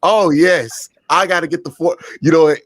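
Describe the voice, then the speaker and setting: A man co-hosting a sports talk show in a relaxed, slangy way, often laughing. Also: fairly high pitch, normal speed, dry recording. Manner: laid-back, laughing, slangy. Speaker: co-host. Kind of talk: casual sports podcast chat.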